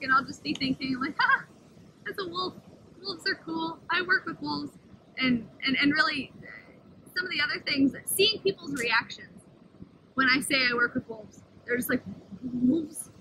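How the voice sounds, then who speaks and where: A woman's voice: bright, forceful tone, a little hiss or hum, rough recording. A woman working as a wolf caretaker, talking enthusiastically to the camera outdoors beside the wolf pens. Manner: enthusiastic, talks to the wolves in a high sing-song voice. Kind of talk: casual outdoor explanation to camera.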